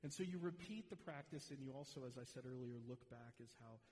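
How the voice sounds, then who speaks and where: A man's voice: medium pitch, fast talker, darkish tone. A male pastor preaching a sermon, earnest and direct as he speaks to the congregation. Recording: long reverb of a large hall.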